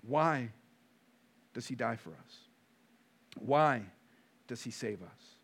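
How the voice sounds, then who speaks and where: A man preaching a sermon as pastor, emphatic and full of rhetorical questions, moving between quiet stretches and loud bursts. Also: medium pitch, lively intonation, slow pace.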